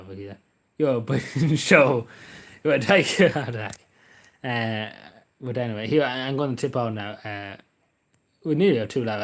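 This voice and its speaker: A man hosting a casual livestream, rambling and sarcastic, with jokey asides. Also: mid-range voice. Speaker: livestream host.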